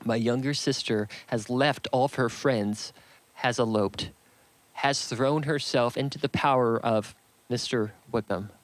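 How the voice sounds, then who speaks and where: A man reading as a distressed young gentlewoman. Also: medium pitch, steady tone, measured pace, no echo, natural voice, rough recording. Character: distressed young woman, genteel heroine. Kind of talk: audiobook character reading.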